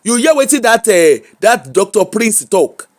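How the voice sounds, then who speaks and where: A man with a Nigerian accent giving an animated, mocking live-stream rant in Pidgin English. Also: sits high, measured pace. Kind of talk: ranting live-stream monologue.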